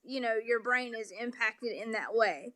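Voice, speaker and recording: A woman's voice: on the high side, unhurried, crowd noise. A woman with a Southern accent, a polite guest explaining things patiently with frequent "um" fillers. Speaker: interview guest. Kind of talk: remote interview conversation.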